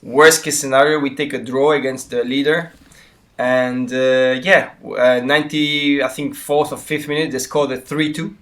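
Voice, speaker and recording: Swiss man telling stories, halting. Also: mid-range voice, steady tone, a bit bright. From Switzerland. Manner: storytelling with many fillers and restarts. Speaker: guest footballer. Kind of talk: casual podcast interview.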